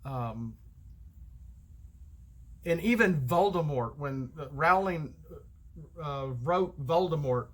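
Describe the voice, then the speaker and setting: Rambling middle-aged Southern man, bright voice. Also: a little high, slow, long pauses. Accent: American Southern. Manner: rambling, loses his thread, many fillers. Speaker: card game vlogger. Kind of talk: casual solo vlog monologue.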